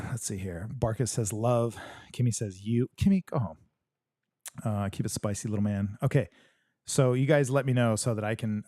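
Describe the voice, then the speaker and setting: A man's voice: fairly low pitch, a little mellow, no echo, clean studio sound. A man hosting a live podcast stream, reading viewer comments aloud and answering them in a blunt, joking, profane way. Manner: blunt, profane, joking, talks straight to the audience. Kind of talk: casual livestream chat.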